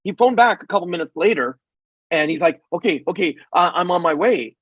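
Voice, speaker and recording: Husky, animated male storyteller. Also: high voice, brisk, dry recording, highs cut off. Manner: animated, acts out quoted dialogue, frequent ums. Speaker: guest. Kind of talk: casual storytelling in a podcast interview.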